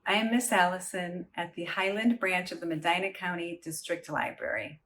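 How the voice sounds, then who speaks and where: A woman children's librarian leading a storytime greeting song in a slow, sing-song, cheerful way. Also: lowish voice, fairly bright tone, far from the mic, a little hiss or hum.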